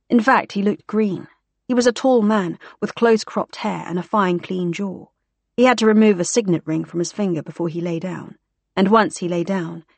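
A woman narrating a novel in a measured, even reading voice. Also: mid-range voice, no room sound. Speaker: audiobook narrator. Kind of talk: scripted narration.

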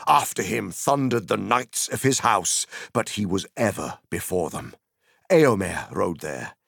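A man reading an audiobook aloud in a slow, dramatic storytelling manner, with a gravelly voice. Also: lowish voice, no room sound, clean studio sound. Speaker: narrator. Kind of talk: audiobook narration.

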